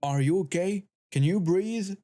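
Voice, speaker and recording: A man's voice: sits high, measured pace, warm tone, voice pushed up. A man voicing a firm, protective male bystander. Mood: kind.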